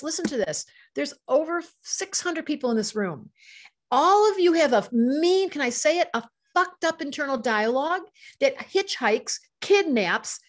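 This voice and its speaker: An older woman speaking with fervent emotion on a live stream. Her voice sits fairly high as she teaches astrology and reads viewers' chat comments aloud.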